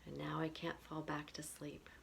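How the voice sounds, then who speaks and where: Woman doing a whispered role-play tapping guide, gravelly low voice, slow lines to repeat. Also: completely flat delivery, a little hiss or hum.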